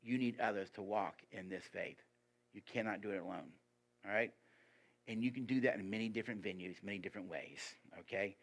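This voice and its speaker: Emphatic male guest preacher. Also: a little fast. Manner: asks the congregation rhetorical questions; lively and emphatic, pitch rising on key points. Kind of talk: sermon.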